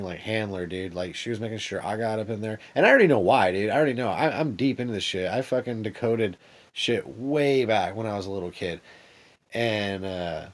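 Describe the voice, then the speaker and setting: Profane, rambling man talking to camera. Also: fairly low pitch. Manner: profane, agitated, peppered with "dude" and "like"; paranoid storytelling, hesitant restarts. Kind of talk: rambling vlog monologue.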